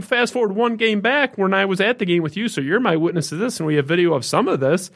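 A man co-hosting a sports podcast, telling a story in casual, animated talk that gets more indignant as it goes. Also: fast, few pauses. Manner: animated storytelling, rising pitch when indignant. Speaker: podcast co-host.

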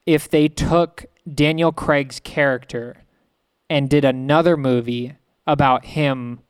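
A man's voice: medium pitch, steady tone, slow, clean tone, no echo. A man in casual chat about movies, hesitant and full of fillers as he sets up his point.

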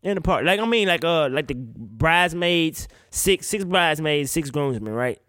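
A man's voice: a little high, lively intonation, normal speed, bright, forceful tone, no echo. A man ranting casually on a podcast, incredulous and swearing often, a bit tipsy. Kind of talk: casual opinion rant.

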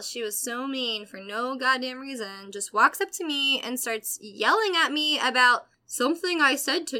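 A young woman from Atlanta telling a casual story with animated quoted voices and frequent laughter. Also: a little high. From Atlanta, USA. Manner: animated, laughs often, acts out quotes loudly.

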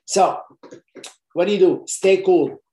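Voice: medium pitch, fairly even intonation, takes it slowly, dark tone. Earnest job coach in a roomy echo. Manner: earnest, coaching, repeats points for emphasis; loose, unscripted phrasing with frequent restarts. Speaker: job advice presenter. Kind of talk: casual advice talk to camera.

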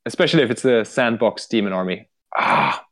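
A man's voice: on the low side, expressive, fairly quick, a bit bright. Swedish male podcast host, loose and rambling, swears freely, many fillers. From Sweden. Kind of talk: casual chat.

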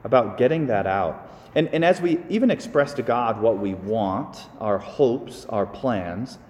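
A priest giving a casual, animated homily to his congregation, with sighs and small asides. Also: medium pitch, unhurried, big-room sound. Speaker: Catholic priest. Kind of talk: conversational homily.

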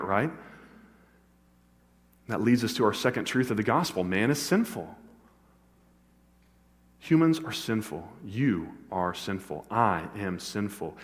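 A man preaching a sermon as pastor, animated, building to emphatic peaks. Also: medium pitch. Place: church sanctuary. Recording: long church hall reverb.

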